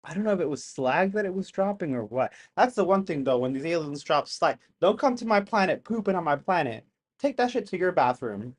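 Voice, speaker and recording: A young man hosting a live stream, reacting to videos with animated exclamations and jokes in casual commentary. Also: on the high side, brisk.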